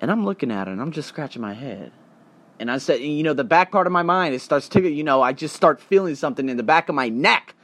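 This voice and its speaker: An animated young man rants through a story into a close, dry mic, his voice jumping up and down in pitch. He swears freely and slips into quick impressions of the people he meets. His voice sits a little high. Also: no echo. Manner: animated, profane, acts out other people's voices. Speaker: podcast host. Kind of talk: casual storytelling rant.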